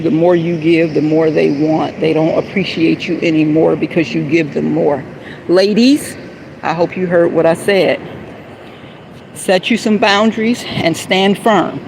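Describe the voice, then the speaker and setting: A woman in an emotional, rambling live-stream monologue, heated and confrontational at times, then soft and apologetic. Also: fairly low pitch, creaky, background noise. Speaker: livestreamer.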